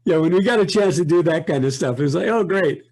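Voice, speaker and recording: An older man, a voice actor, chatting as an interview guest in a reflective, unhurried way that often breaks off and restarts. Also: on the high side, darkish tone. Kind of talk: casual interview chat.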